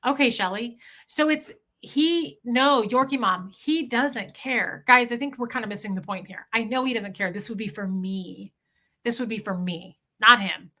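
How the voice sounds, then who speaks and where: A woman's voice: fairly high pitch, normal speed, pushed and bright. A woman in her forties, candidly chatting with viewers on a livestream, talking straight to chat. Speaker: livestream host.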